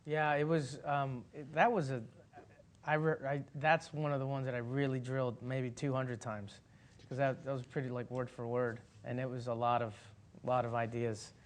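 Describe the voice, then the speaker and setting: Rambling man telling an animated anecdote. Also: medium pitch, normal speed. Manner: animated storyteller, rambling with many fillers and restarts; laughs as he talks. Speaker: actor guest. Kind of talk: casual anecdote at a Q&A.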